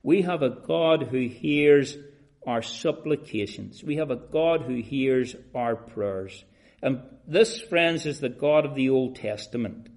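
A man preaching a sermon, shifting from soft, measured talk to loud, drawn-out emphasis and addressing listeners as beloved and friends. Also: medium pitch.

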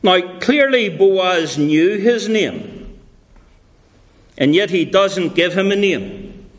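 A man preaching a sermon slowly and deliberately, repeating key phrases for emphasis and now and then slipping into playful character voices for illustrations. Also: sits high, big pitch swings.

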